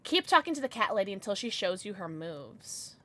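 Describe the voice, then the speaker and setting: A young woman streaming live, chatting casually with her viewers and squealing with excitement as she reads chat. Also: mid-range voice, fairly quick. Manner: chatty, bubbly, squeals when reading chat.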